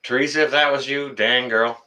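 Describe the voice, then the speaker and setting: A man's voice: mid-range voice, fairly even intonation, normal speed, pushed and bright. A middle-aged man, hosting a casual live stream, reading the chat and answering viewers by name in a folksy, teasing way.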